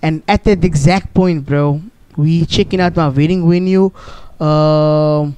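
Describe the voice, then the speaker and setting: Earnest South African man, high voice. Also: fairly even intonation, measured pace, a little mellow, clear, resonant tone. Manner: earnest, preachy, calls listener "bro". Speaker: podcast guest. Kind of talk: casual testimony. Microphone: studio mic.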